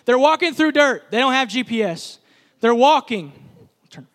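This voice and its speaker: Man preaching in a high, bright voice. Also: lively intonation, moderate pace. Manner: impassioned preaching with repetitive, building phrases. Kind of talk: sermon. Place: church service.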